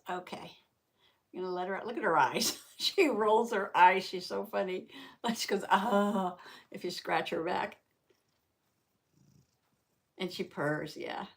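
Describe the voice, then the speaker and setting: A woman hosting a casual craft livestream, chatty and quick to laugh, reading out chat comments and repeating herself, with allergies that make her clear her throat. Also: mid-range voice. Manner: says howdy and reads chat comments aloud.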